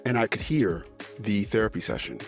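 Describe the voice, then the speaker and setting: A man hosting a podcast, telling a personal story in an earnest, aggrieved way, with frequent pauses and fillers. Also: lowish voice, lively intonation, vocal fry, faint music behind.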